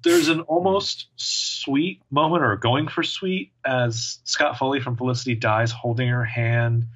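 A man's voice: mid-range voice, unhurried, a bit bright. A man in casual film discussion, making dry jokes and pop-culture references. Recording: dull lo-fi recording.

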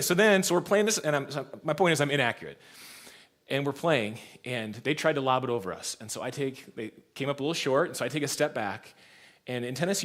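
Man, 30s, pastor, sermon, storytelling, chuckles often, mid-pitched voice. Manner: storytelling, laughs often, lively shifts in loudness. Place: church.

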